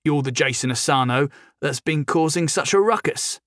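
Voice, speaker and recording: A man's voice: fairly high pitch, normal speed, a bit bright, no echo, studio quality, close to an everyday voice. A man voicing a hot-tempered, gloating young male crime lord who blusters angrily in a storybook reading. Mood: contemptuous. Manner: blustering, angry.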